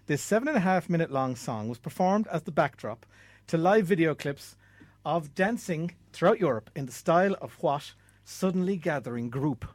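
A man hosting a quiz, reading out questions clearly with chatty asides. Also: on the high side, lively intonation, normal speed, no echo. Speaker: quizmaster.

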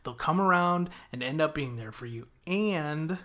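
A man reading aloud and voicing a gentle young man who comforts a friend, in a soothing, earnest way. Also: a little high, animated, measured pace. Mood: reassuring.

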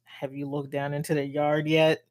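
A woman's voice: deep voice, little pitch movement, normal speed, darkish tone, no echo, studio quality. A young woman co-hosting a casual book-discussion podcast, talking in a laid-back, wry way and often chuckling. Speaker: podcast co-host.

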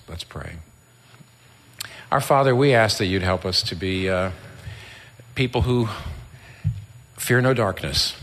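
Low-voiced fervent man preaching in a hall. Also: a bit bright. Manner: impassioned, rising to fervent emphasis. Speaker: pastor. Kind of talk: sermon.

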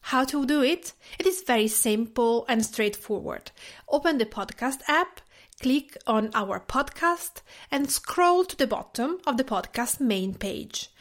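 A woman from Tuscany with an Italian accent, a native Italian speaker, hosting a podcast in gentle, measured scripted narration. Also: high-pitched, lively intonation. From Tuscany, Italy. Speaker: podcast host.

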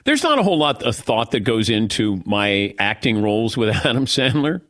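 Lively wry male radio host. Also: fairly low pitch, normal speed. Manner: lively, wry, self-deprecating. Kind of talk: casual radio banter and live ad reads. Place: radio studio. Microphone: studio microphone.

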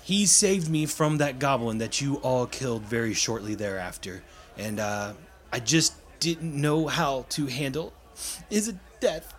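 A man's voice: mid-range voice, natural voice. A man voicing a courteous, formal nobleman. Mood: earnest. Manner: polite, measured, apologetic formality. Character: formal, genteel young male nobleman.

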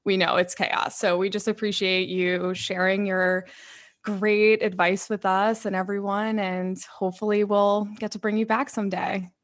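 Young woman, podcast co-host, bubbly casual chat, lots of fillers, mid-pitched voice. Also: little pitch movement, normal speed. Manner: chatty, bubbly, many fillers.

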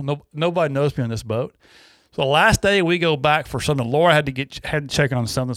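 A man with a drawl spins a folksy story in casual show chat, his voice bouncing between excited highs and low asides. The sound is close and dry, with no room around it. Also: no room sound. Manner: folksy, animated storyteller with Southern phrasing. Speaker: radio show regular.

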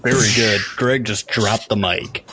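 A man's voice: on the low side, fairly even intonation, unhurried, crowd noise. A man co-hosting a podcast, chatting casually with wry, teasing remarks. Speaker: podcast co-host. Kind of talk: casual chat.

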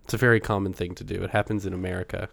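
A man's voice: low-pitched, little pitch movement, racing, creaky, a bit bright, no echo. A man co-hosting a podcast in loose, joking banter, laughing often and rambling with fillers. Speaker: podcast co-host. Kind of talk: casual banter.

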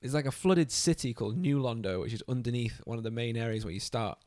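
A man's voice: medium pitch, quick pace, darkish tone, dry recording. Chatty guy, dry close sound. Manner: enthusiastic, swears freely, laughs often. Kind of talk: casual chat about a video game.

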